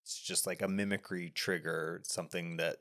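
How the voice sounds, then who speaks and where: A man's voice: deep voice, little pitch movement, normal speed, a bit bright. A man co-hosting a podcast, walking through a film scene by scene in a loose, rambling way with restarts. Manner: explains at length with many restarts and fillers. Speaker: podcast co-host. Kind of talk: casual film discussion.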